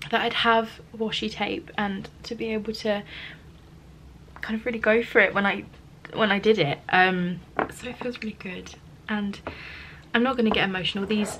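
Emotional, excited woman vlogging. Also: medium pitch, moderate pace, slight background noise. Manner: emotional, excited, breaking into laughs and soft whispers. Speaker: small business owner vlogging. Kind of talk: casual studio vlog chat.

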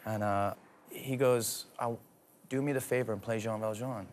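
Canadian man telling lively stories. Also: lowish voice, normal speed, a little hiss or hum. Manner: animated storytelling, laughs often. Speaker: guest, actor and singer. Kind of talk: casual talk show interview.

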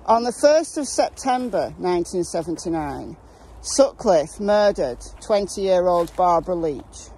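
Brief: woman host, mellow tone, chatty true-crime storytelling, recorded outdoors with faint traffic. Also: on the low side, animated, a little slow, low-quality recording. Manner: conversational, with asides and restarts. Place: outdoors, walking near traffic.

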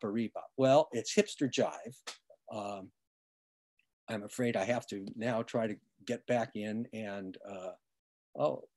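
A man's voice: on the low side, a little mellow. A man giving an online lecture about music history, explaining patiently with many fillers and restarts, and now and then humming a rhythm.

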